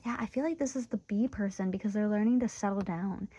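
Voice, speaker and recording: Young woman tarot reader, giggly and excitable, casual direct-to-viewer chat, slightly muffled home recording. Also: mid-range voice, quick pace, few pauses, husky, no room sound. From Michigan, USA. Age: 20s. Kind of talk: casual tarot reading monologue.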